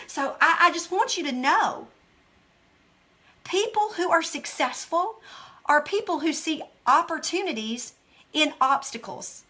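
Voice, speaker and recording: A woman with a high, bright voice hosts a motivational devotional talk. She tells stories intensely and with emotion, and speaks straight to her listeners in an earnest way. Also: very animated, moderate pace. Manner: earnest, direct address to listeners. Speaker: host.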